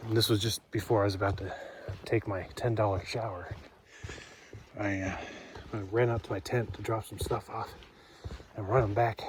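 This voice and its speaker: Man, hiker, casual trail diary, lowish voice, loose rambling storytelling, handheld camera audio, noisy outdoors. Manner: rambling storytelling with many fillers and acted-out quotes.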